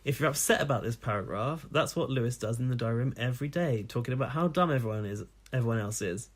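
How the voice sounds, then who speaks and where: A man's voice: medium pitch, fast, natural voice. A man voicing a snarky male listener's ranting email, read in a mocking, sarcastic tone. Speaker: podcast co-host.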